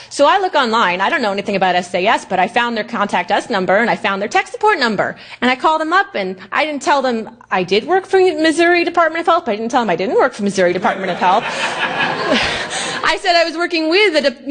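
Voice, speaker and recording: A woman giving a lecture at a conference, animated and indignant, often mimicking officials in exaggerated voices. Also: on the high side.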